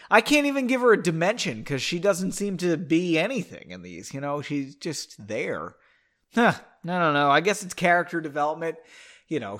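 A man's voice: a little high, fairly bright tone. A man hosting a casual podcast where he reads his own book and comments on it, rambling, self-mocking and trailing off.

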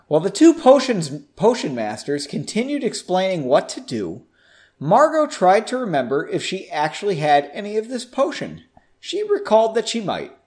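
A man's voice: sits high, darkish tone. A man hosting a podcast, reading a fantasy story aloud and breaking off for playful joking asides. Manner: playful, jokes and laughs at the text.

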